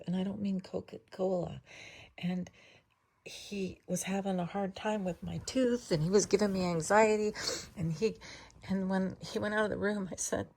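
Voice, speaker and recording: A woman casually telling a meandering personal story to her cat, chatty and full of restarts, sometimes dropping to hushed asides. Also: medium pitch, fairly even intonation, moderate pace, vocal fry. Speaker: vlogger talking to her cat.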